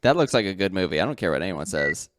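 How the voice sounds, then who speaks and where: A man's voice: sits low, sing-song, quick pace, a loud crowd. Rambling man chatting on a podcast. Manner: rambling, self-correcting, laughs often. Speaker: podcast co-host. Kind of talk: casual chat.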